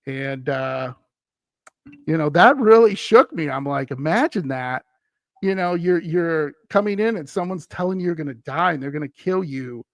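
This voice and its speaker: In a casual podcast chat, a Wisconsin man tells a story at a moderate pace, his voice a bit high and free of echo. He animatedly imitates the voices of the people he's quoting as he retells it.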